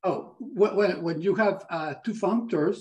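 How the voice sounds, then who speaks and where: Fairly high-voiced man explaining a math idea. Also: measured pace, darkish tone, dull audio. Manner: searching, restarting mid-sentence. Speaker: audience member asking a question. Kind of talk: academic discussion.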